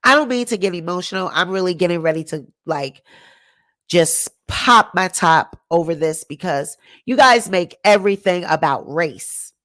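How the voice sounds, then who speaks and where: A woman giving an indignant ranting commentary to her viewers, repeating her points emphatically and swinging between sharp exclamations and low muttering. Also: expressive, moderate pace. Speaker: commentary YouTuber.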